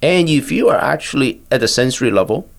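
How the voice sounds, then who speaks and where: An older man, a physician, guiding a listener through a body-awareness exercise in a calm, patient, instructive way. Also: medium pitch, a little fast, creaky. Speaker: physician and therapist guest. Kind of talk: guiding a mindfulness exercise in conversation.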